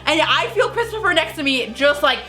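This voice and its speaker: A woman's voice: high-pitched, lively intonation, a little fast, sharp tone, soft background music. A young woman telling a story on her vlog, breathless and laughing as she goes. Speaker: vlogger.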